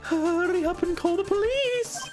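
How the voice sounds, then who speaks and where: A woman's voice: extremely high pitch, lively intonation, a little slow, music in the background, pitched above the performer's own voice. A woman voicing a brash, impatient older woman who scolds and orders people about. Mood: bossy. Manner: scolding, bossy.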